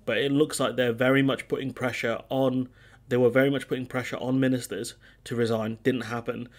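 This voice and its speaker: A man's voice: mid-range voice, flat delivery, brisk. A man hosting a political commentary channel, talking casually and reading out quotes, with frequent ums and dry sarcastic asides.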